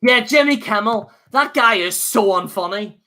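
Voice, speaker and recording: A man's voice: sits high, animated, moderate pace, bright, forceful tone. A man hosting his own livestream, rambling in a fired-up, jokey rant. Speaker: livestream host.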